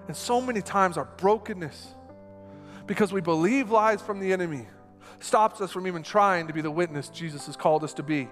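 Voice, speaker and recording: Animated preacher in an echoing hall. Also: male voice, sits high, a little fast. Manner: animated, conversational preaching with a live stage demonstration. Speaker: pastor. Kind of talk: sermon. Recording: long hall reverb with faint music.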